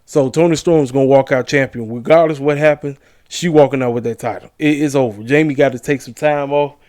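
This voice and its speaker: A man's voice: medium pitch, brisk, darkish tone, no room sound, clean studio sound. A tired man yawning late at night, hosting wrestling predictions in an emphatic, slangy casual chat that repeats points for emphasis.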